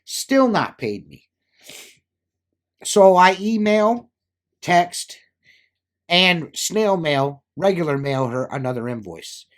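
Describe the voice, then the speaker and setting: A man's voice: sits high, animated, slow, long pauses. Rambling man telling a work story. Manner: rambling, filler-heavy, acts out quoted dialogue. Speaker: window cleaner. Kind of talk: casual storytelling chat.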